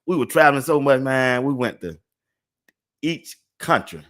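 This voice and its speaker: A man's voice: medium pitch, lively intonation, moderate pace, a bit bright. An older man hosting a casual sports talk livestream. He laughs often and repeats phrases over and over. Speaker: sports talk show host.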